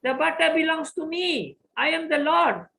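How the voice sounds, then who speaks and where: A man's voice: extremely high pitch, lively intonation, moderate pace, vocal fry, bright, forceful tone, pitched above the performer's own voice, full character voice, low-quality recording. A man voicing a mischievous, boastful young boy god with a cheeky, commanding manner.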